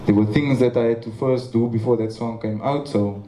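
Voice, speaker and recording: An earnest South African man with a Cape Town accent delivers a memorial tribute speech in a large venue, stammering as he tells his stories. He speaks fairly quickly in a mellow, mid-range voice with fairly even intonation. The hall echoes, with faint ambience in the background.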